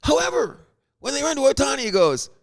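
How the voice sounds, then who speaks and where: Animated, gravelly man hosting sports chat. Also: very high voice, a little fast. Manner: animated, jokey storyteller. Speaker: podcast host.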